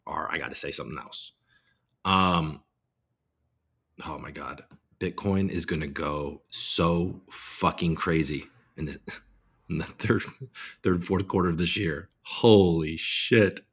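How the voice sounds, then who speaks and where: Speaking slowly with an extremely low pitch, vocal fry, a slightly rough edge, and frequent pauses, this crypto show host runs a laid-back live stream. He reads out headlines and follows them with rambling, profane reactions.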